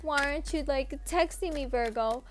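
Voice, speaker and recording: A woman's voice: high voice, normal speed, a little hiss or hum, voice pushed up, natural voice. A woman voicing a clingy, lovesick admirer who pleads for attention in a whiny tone. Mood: pleading.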